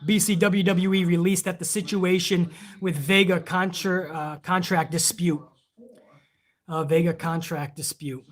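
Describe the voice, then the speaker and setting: A man's voice: sits high, fairly even intonation, unhurried. A man hosting a live wrestling stream, chatting casually and rambling with plenty of swearing while reading viewer donations aloud.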